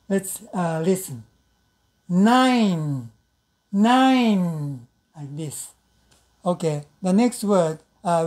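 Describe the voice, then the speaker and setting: A woman whose first language is Japanese gives a patient pronunciation lesson at an unhurried pace. Her voice is soft and mellow, and she breaks up her explanations with fillers. She hums drawn-out nasal sounds and repeats example words slowly so learners can copy them. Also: lowish voice. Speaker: English pronunciation teacher. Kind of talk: slow pronunciation lesson with demonstrations.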